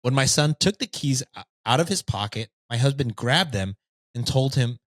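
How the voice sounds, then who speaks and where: Lively man reading a story aloud. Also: mid-range voice, normal speed, no room sound. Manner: lively, reads with jokey asides. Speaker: podcast host reading stories.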